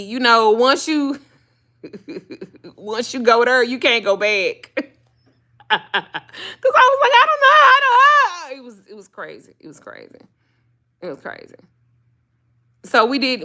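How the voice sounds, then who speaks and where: A middle-aged woman hosting her channel, telling a personal story in a blunt, profane, casual way. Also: sharp tone. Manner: profane and blunt, jumps up high when acting out her own panic.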